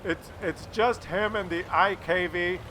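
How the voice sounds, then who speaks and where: A man commentating a tank game replay, animated and loud at big moments. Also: high voice, measured pace, a little hiss or hum. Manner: animated, shouts and laughs at big shots. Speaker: gameplay commentator.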